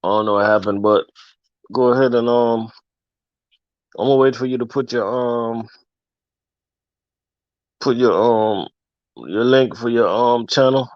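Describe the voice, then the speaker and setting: A man hosting a casual livestream, talking loosely with fillers and giving long shout-outs. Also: medium pitch, unhurried, long pauses, no room sound. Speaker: livestream host. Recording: dull, lo-fi dry sound.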